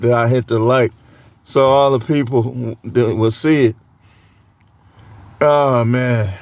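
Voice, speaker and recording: Slow, joking man preaching through a cold. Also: mid-range voice, darkish tone, no room sound. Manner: joking, laughs often, slangy banter. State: has a cold, coughing. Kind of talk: casual humorous sermon.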